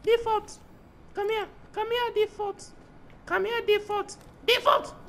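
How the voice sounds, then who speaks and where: A squeaky young guy who whines and pleads in a mock-earnest tone. The voice sits extremely high, almost cartoonish, and the noisy online game voice chat leaves a steady hiss behind it. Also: slow, gravelly, heavily acted. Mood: whiny. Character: squeaky young guy claiming a speech impediment.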